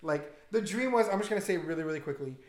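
A young man co-hosting a podcast tells stories in casual chat, rambling, stammering, and swearing freely. His voice is a little high, expressive, and fast, recorded in an echoey room.

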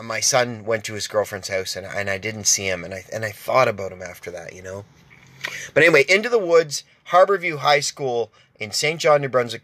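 A man's voice: medium pitch, fairly bright tone, dry recording. A man hosting his own show, telling a rambling, profane story with many restarts and asides. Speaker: podcast host. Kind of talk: casual storytelling monologue.

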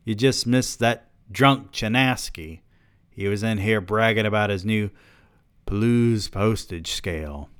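A man doing a gruff, barking bookseller. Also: lowish voice, measured pace, natural voice. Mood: gossipy. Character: gruff male bookstore owner, impatient and brusque.

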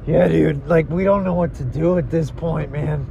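A man's voice: on the high side, moderate pace, gravelly, warm tone, slight background noise. A young man co-hosting a podcast, improvising a comedy sketch in a laid-back way, calling people dude and bro. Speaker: podcast co-host.

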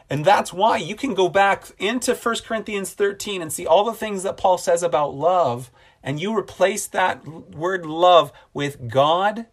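A man preaching a sermon as a pastor, earnest and repeating phrases for emphasis, slowing down on key lines. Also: high-pitched.

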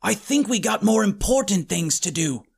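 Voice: medium pitch, animated, normal speed, creaky, slightly rough. A narrator voicing a small, cocky, salty boy hero in an audiobook, sulky and impatient.

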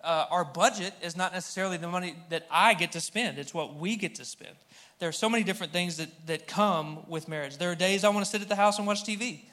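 A man's voice: high-pitched, fast, pushed and bright. A young man preaching a sermon to a live congregation in a church, humorous and conversational, speaking straight to the crowd. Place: church hall with audience.

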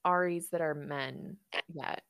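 A woman with a low voice hosts a podcast in loose, friendly conversation. She rambles through fillers and breaks into laughter often. Her voice sits close and dry, with no room around it. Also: steady tone, slow, a bit bright, no room sound. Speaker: podcast host. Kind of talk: casual podcast chat.

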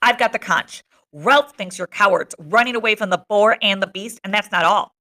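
A woman's voice: medium pitch, moderate pace, bright, forceful tone, natural voice. A woman voicing a boastful, hostile boy leader of hunters in a read-aloud novel, speaking defiantly and insistently.

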